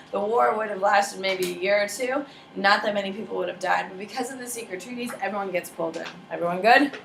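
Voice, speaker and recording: Lively teacher woman, echoey classroom. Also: medium pitch, vocal fry, a little hiss or hum. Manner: lively, casual, jokey, quizzes students by name. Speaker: history teacher. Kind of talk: classroom lecture. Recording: echoey classroom from far off with faint ambience.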